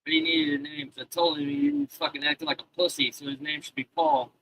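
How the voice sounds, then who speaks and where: A man's voice: fairly high pitch, sing-song, brisk, creaky, a bit bright, slight background noise, low-quality recording. A man in his thirties, a live streamer rambling in casual chat with heavy swearing and loose, restarting sentences. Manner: profane, rambling, talks to chat.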